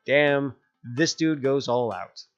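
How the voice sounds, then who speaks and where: Speaking slowly at a medium pitch, a young man plays through a dating game on stream. He cracks jokes and moves back and forth between narrating and doing the characters' voices. The sound is lo-fi and a little dull, with quiet music in the background.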